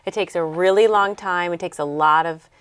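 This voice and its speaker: A woman's voice: lowish voice, moderate pace, smooth, no echo. A woman hosting an interview, asking questions and giving brief encouraging replies. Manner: warm affirming listener, brief encouraging replies. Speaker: interview host. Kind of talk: casual interview talk.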